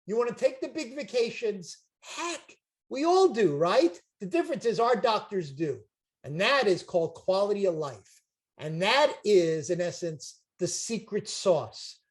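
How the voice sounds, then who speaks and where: An older man, making an emphatic, repetitive, jokey sales pitch on a video call as a chiropractic seminar promoter. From Brooklyn, New York.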